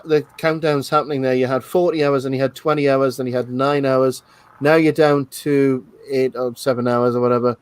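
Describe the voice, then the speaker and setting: A man hosting a live film commentary, chatting casually and slowing down to make his points. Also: medium pitch, no room sound. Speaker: host of live movie commentary.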